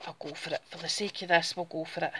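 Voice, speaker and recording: A woman's voice: sits low, steady tone, fast, background noise. A woman with a Scottish Borders accent, chatting casually through a step-by-step craft demonstration while she works with her hands. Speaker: craft tutorial host.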